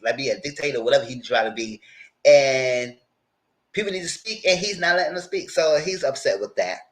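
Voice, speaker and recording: Heard through a rough recording, a man with a mid-range voice offers a chatty, informal recap and review of a reality TV episode. He brings scenes to life by mimicking what people said, keeping his phrasing loose and conversational.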